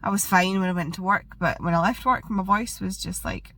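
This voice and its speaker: A woman's voice: mid-range voice, fairly even intonation, normal speed, hardly any pauses, sharp tone. A woman chatting casually in a rambling vlog, losing her voice and congested, with many fillers. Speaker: book vlogger. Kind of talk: casual chat. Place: parked car, then at home.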